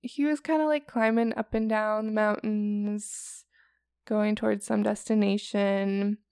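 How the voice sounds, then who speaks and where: A woman's voice: mid-range voice, steady tone, measured pace, darkish tone, clean tone, dry recording, clean studio sound. A tired woman co-hosting a podcast, telling a story in casual chat with lots of "like" and "um".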